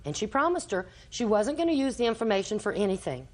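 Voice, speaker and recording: A woman's voice: mid-range voice, very animated, fast talker, a little mellow. Older grandmother rambling through testimony. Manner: rambling storytelling, acting out quoted dialogue. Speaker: litigant, grandmother. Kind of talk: courtroom testimony. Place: TV courtroom.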